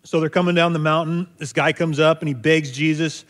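Man, slightly high voice, Bible teacher, reflective conversational commentary. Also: steady tone, a little fast, a bit bright. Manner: conversational, thoughtful, with fillers. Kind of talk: scripture reading and sermon commentary.

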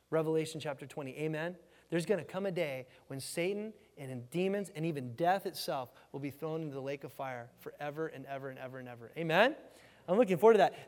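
A male pastor preaching a sermon in an animated way, often repeating words and asking the congregation for an amen. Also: on the high side. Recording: reverberant hall.

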